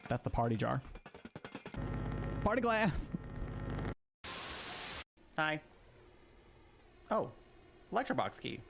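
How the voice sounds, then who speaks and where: A man's voice: medium pitch, a little slow, vocal fry, pauses often, slight background noise. A young man streaming, chatting casually and joking as he reacts to a video. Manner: animated, giggly, jokey asides.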